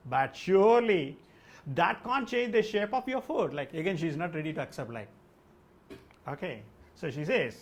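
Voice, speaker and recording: A man teaching an English test class, explaining answers with lots of "like" and "okay". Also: sits high. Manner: addresses a class with questions. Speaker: language test trainer. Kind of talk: live classroom lesson.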